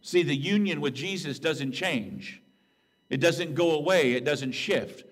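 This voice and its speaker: A man preaches from the pulpit in an earnest, conversational manner, checking in with his listeners as he goes. His delivery moves between hushed, reflective stretches and raised, emphatic peaks. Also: fairly high pitch, lively intonation, measured pace. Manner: earnest, conversational preaching with "right?" and "okay?" asides. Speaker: pastor. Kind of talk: sermon.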